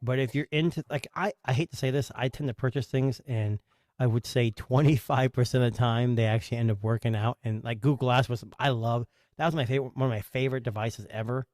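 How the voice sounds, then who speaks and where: A man's voice: medium pitch, steady tone, quick pace, darkish tone, dry recording, studio quality. A man co-hosting a tech podcast, chatting casually and often restarting his sentences. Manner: rambling, restarts mid-sentence. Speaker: podcast co-host.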